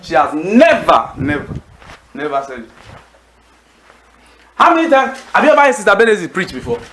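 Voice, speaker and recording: Male preacher, emphatic call-and-response delivery, lively high pitch, roomy hall sound. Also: normal speed, slight background noise. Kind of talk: sermon. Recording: echoey hall.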